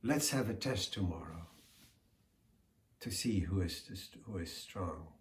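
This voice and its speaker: A man's voice: sits low, animated, a little slow, a little hiss or hum. A man voicing a small, clever male tortoise who talks in a coaxing, persuasive way in a storybook tale. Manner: coaxing, stammers when pleading. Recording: echoey room.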